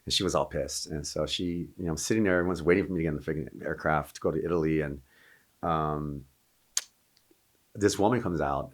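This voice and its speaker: A middle-aged man with a deep, low voice tells a long war anecdote at a quick clip. He rambles, doubles back and restarts his sentences. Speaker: guest, Marine veteran. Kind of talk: casual storytelling.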